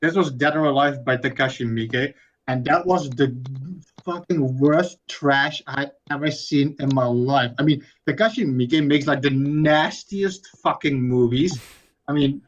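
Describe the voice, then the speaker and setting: A man co-hosting a casual podcast chat, blunt and swearing freely. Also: medium pitch. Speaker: podcast co-host. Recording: dull lo-fi mic.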